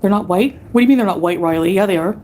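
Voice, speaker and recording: A woman's voice: medium pitch, very fast, dark tone, slight background noise. A woman livestreamer ranting angrily at her chat, profane and dismissive.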